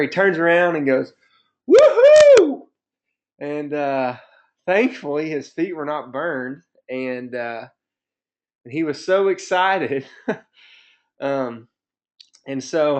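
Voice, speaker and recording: A man in his thirties, a camp staff director hosting a parent webinar, telling stories in an upbeat, chatty way. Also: medium pitch. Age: 30s. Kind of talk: presenting a webinar with personal stories. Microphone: computer mic on a webinar. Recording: dull lo-fi webinar audio.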